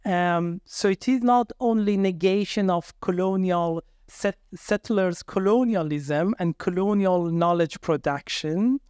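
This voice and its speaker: A man speaking as a researcher on a conference panel, halting and searching for words in a measured way. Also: high voice, darkish tone, clear, resonant tone, dry recording, studio quality. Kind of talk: academic panel discussion.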